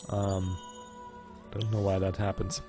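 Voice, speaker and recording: A man's voice: deep voice, level tone, slow pace, music in the background. A man with a German accent, casually commenting on a strategy game and thinking aloud with muttered asides. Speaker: let's play gamer.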